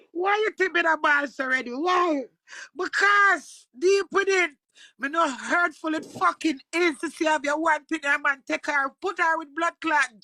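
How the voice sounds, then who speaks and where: A Jamaican woman delivering an impassioned, swearing livestream rant, breaking into shouts. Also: high voice, no echo.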